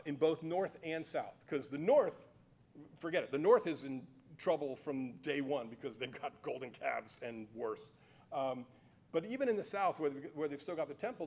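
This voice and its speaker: Chatty man teaching Bible stories. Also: on the high side. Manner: animated, chatty, many fillers and restarts. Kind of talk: casual storytelling lecture. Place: cathedral.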